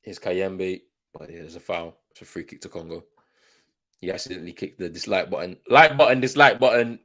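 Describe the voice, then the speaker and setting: A low-voiced man hosts a live football watchalong stream. He talks in a relaxed, chatty way, calling the play and reading out viewers' comments as he goes. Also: brisk.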